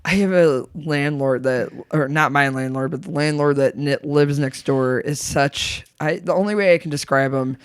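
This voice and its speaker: A young woman, a comedian guest, chatting casually with wry humor, quick laughs and swearing. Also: low voice, clean tone, no room sound. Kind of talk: casual chat.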